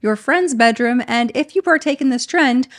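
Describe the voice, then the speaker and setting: A woman's voice: on the high side, normal speed. A woman hosting a casual commentary vlog, chatting directly to her viewers. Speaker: video essay host.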